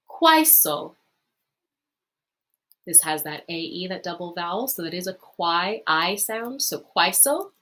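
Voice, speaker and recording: A lively woman teacher gives a recorded lesson, and her pitch rises and falls a lot. She is friendly and upbeat, fills pauses with "um" and "uh", and slows down to repeat key phrases.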